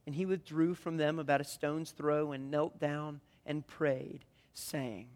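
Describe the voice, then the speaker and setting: A man preaching a sermon in a conversational way, swinging between loud emphatic lines and hushed, quiet ones. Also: a little high, fairly even intonation, unhurried, hardly any pauses, big-room sound. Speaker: pastor.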